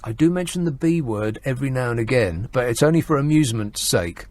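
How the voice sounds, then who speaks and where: A man's voice: mid-range voice, lively intonation, brisk, darkish tone. A man hosting a talk radio phone-in, sardonic and mocking, laughing often.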